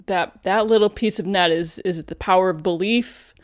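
A woman's voice: medium pitch, normal speed. Woman co-host asking reflective questions. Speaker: podcast co-host. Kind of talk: casual podcast chat.

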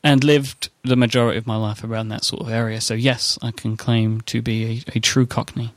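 A man from England with a London accent, hosting a podcast and reading the sponsor spot in a brisk, upbeat way. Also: mid-range voice, flat delivery, no echo. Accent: London English. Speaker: podcast host. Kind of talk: casual podcast chat and ad read.

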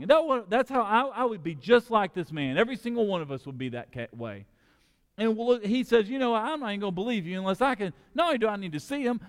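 High animated pastor, echoing church. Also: male voice. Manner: animated preaching with restarts and acted quotes. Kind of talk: sermon. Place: church sanctuary.

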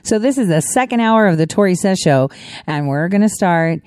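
Woman host, low-ish smooth voice, loose rambling commentary, dry close sound. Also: expressive, moderate pace, darkish tone, no room sound. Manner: rambling, conversational, with many asides. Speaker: show host. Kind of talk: casual political commentary.

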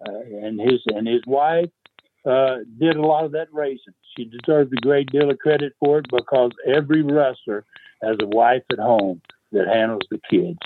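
A veteran wrestling promoter, an older man, guests on a phone interview and rambles through wrestling-era anecdotes, chuckling and using plenty of fillers. He talks at a normal speed in a mid-range voice, over a tinny line with slight background noise.

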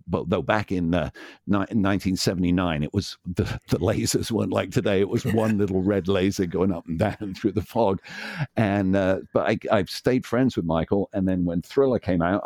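Deep-voiced Englishman in his sixties telling stories. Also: darkish tone, no echo, clean studio sound. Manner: enthusiastic, acts out quoted voices. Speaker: guest, DJ. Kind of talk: anecdotal interview storytelling.

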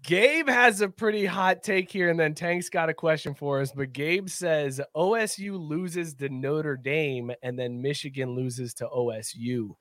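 A man's voice: fairly high pitch, measured pace, few pauses, a bit bright, no room sound. A man with a slightly raised voice hosts a laid-back sports podcast and reads out listener comments. He laughs easily and keeps things loose. The recording is dry and close. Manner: laughs often, reads chat comments aloud. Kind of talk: casual sports chat.

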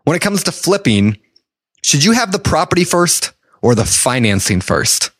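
A man's voice: on the high side, big pitch swings, normal speed. A man hosting an interview, upbeat and affirming as he reads out questions. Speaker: host.

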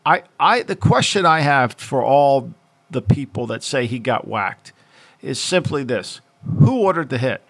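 A man's voice: medium pitch, very animated, unhurried, fairly bright tone, husky. Rambling man talking football on a podcast. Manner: rambling, repetitive, with many restarts. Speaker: former NFL executive, podcast co-host. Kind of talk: casual sports talk.

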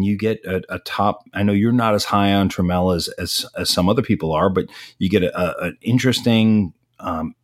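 A man co-hosting a podcast talks in a loose, casual way. His voice sits very low and carries a husky edge. He gets animated and drops into quick impressions while telling a story. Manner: animated, mimics people mid-story. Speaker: podcast co-host. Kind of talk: casual chat.

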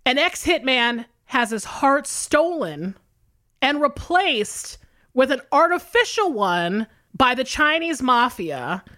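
A woman co-hosting a podcast in casual, animated chat, laughing often and swearing freely as she recaps a film. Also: high voice, slow. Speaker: podcast co-host. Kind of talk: casual movie-discussion chat.

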